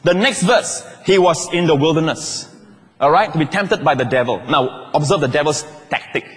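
A man's voice: fairly high pitch, normal speed, long reverb tail. A man preaching a sermon to a congregation, calling for amens and asking if they are listening. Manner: lively preaching, calls for amens, asides to the congregation. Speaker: pastor.

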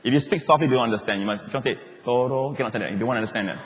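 A male pastor preaches in a lively, storytelling way, slipping into the voices of the people in his stories. His voice sits at an ordinary middle pitch, and a long reverb trails behind him as it would in a big church hall. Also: very fast, slight background noise. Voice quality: animated, acts out quoted voices, laughs as he talks. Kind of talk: sermon with personal storytelling.

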